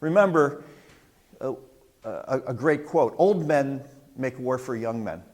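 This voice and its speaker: An older man at a middle pitch tells a family war story in a chatty, unpolished way. He stumbles, restarts and fills pauses as he talks, and he speaks as the host. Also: expressive, darkish tone. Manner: conversational with frequent restarts and fillers. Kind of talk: personal storytelling.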